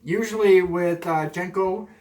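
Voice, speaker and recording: Soft-spoken man in an echoey kitchen. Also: high-pitched. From Canada. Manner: deliberately soft and calm, rambling asides. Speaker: cooking vlogger. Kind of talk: casual cooking chat to camera. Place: home kitchen. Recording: echoey kitchen, mic from far off.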